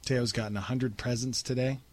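A man's voice: medium pitch, steady tone, fairly quick, a little mellow, slight background noise. A man co-hosting a morning radio show, chatting in an upbeat way. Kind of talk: casual morning radio banter.

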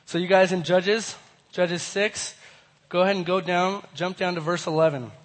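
A young man gives a casual Bible lesson in a hoarse voice left by a cold. His pitch sits a little high, and he keeps turning to the group with friendly questions. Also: steady tone, moderate pace. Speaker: youth pastor.

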